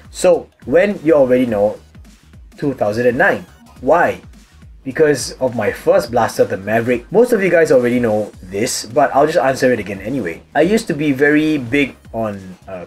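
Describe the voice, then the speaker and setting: A young man from Singapore with a Singaporean accent, chatting casually at home as he answers viewer questions. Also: mid-range voice. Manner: relaxed, chatty, explains with examples. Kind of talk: casual chat. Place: room at home with hobby figurines.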